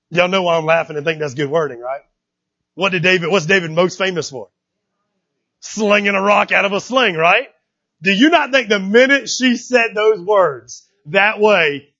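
A man's voice: high-pitched, lively intonation, normal speed, sharp tone, highs cut off. A man preaching a sermon in a conversational way, often repeating words and checking in with the congregation. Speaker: pastor.

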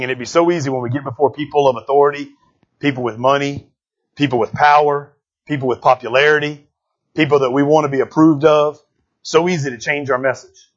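A man preaching a folksy sermon to his church, telling jokes and calling out to the congregation. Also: on the high side. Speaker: pastor. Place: church sanctuary. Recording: dull, muffled sound.

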